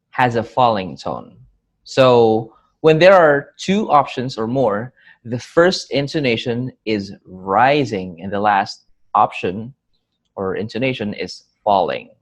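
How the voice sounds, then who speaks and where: A man teaches an English grammar lesson, speaking clearly and patiently and acting out example questions with marked rising and falling intonation. His mid-range voice is animated and his pace slow.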